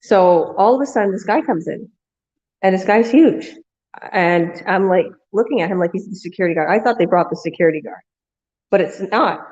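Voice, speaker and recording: A woman's voice: medium pitch, brisk, a little mellow, muffled recording. A woman vlogger casually telling a long story, rambling with restarts and quoting people along the way. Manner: rambling anecdote with restarts and acted-out quotes.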